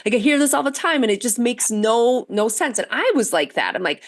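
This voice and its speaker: A woman in her forties, a podcast guest speaking in earnest, with lively storytelling and frequent restarts. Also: mid-range voice, moderate pace, hardly any pauses. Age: 40s. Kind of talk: interview conversation.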